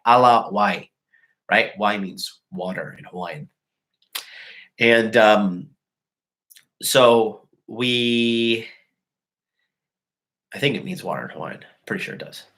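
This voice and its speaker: A man's voice: lowish voice, sharp tone, poor audio. A man hosting a live show and casually telling a crude, profane story to his chat, mocking the people in it with put-on voices. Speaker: host.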